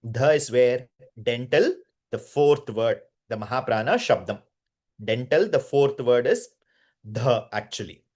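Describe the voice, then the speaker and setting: A man leads a chanting lesson at a very unhurried pace. He draws out every syllable and says each word again and again. He often stops to quiz his students. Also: mid-range voice, animated, a little mellow. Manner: drawn-out syllables, repeats words, quizzes students. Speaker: Sanskrit chanting teacher.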